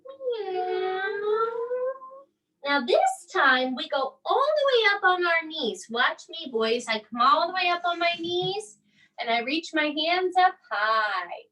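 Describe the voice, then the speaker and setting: A woman in her thirties leading a children's bedtime yoga lesson at home, with soft, coaxing instructions. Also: extremely high pitch, sing-song, measured pace, recorded from a distance, poor audio. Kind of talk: gentle kids' yoga lesson and read-aloud.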